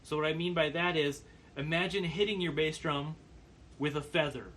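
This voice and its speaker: A man giving a percussion lesson, calmly explaining brush patterns and counting beats aloud. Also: on the high side, moderate pace, a little hiss or hum. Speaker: percussion teacher. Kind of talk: instructional demonstration.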